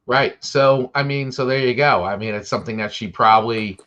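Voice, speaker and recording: A man's voice: medium pitch, a little fast, fairly bright tone, lo-fi sound. A man co-hosting a podcast, chatting eagerly as a fan of the show. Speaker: podcast co-host. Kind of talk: casual chat about TV shows.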